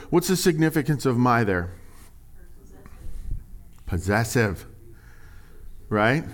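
A male pastor delivers a sermon in a relaxed, conversational way. He turns animated and lifts his voice when he reads scripture aloud. His voice sits at an ordinary middle pitch. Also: slow pace, long pauses.

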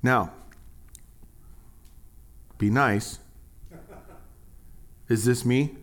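A middle-aged man preaching as a pastor, conversational and joking with the congregation, acting out quoted lines in a higher, excited voice. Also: drawn-out words. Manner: animated storytelling, acts out quotes in a higher voice. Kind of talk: sermon.

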